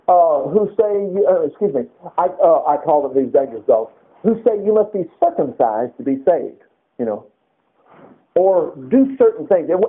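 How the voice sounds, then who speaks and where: A man preaching informally, reading Bible verses aloud and breaking off into conversational asides. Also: high-pitched. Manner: conversational, reads scripture aloud, frequent asides. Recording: tinny phone-like radio broadcast.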